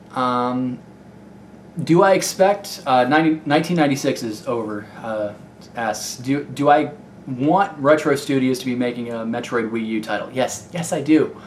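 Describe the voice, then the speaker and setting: Young Midwestern gaming vlogger, mid-pitched, chatty and unpolished, recorded in a slightly echoey room. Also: male voice, moderate pace. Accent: Midwestern American. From Ohio. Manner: rambling, candid, many fillers and restarts. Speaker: YouTube gaming video maker. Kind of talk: casual Q&A vlog. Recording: echoey room with faint noise.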